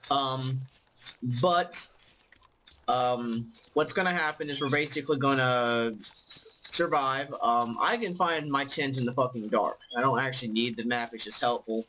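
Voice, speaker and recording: A man's voice: mid-range voice, measured pace, sharp tone, a little hiss or hum, poor audio. A tired man casually commenting on his own gameplay as host, rambling with lots of ums and swearing. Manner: rambling, full of ums, profane. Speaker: let's play host.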